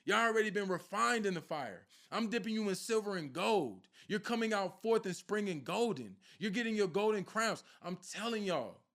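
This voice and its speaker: This man's voice sits high and sounds fairly bright, with lively intonation, normal speed and almost no pauses. As a spiritual content creator, he addresses viewers directly in a casual, preachy talk full of repetition for emphasis.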